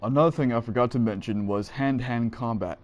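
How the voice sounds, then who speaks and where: In a casual, profane, digressive chat to camera, a man shares stories from his army training. He talks fast in a mid-range voice.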